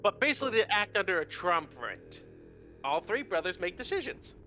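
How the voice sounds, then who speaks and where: High, lively man telling lore. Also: brisk, faint music behind. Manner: animated, profane, acts out quotes. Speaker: lore presenter on a miniature painting show. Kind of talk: casual lore storytelling with friends.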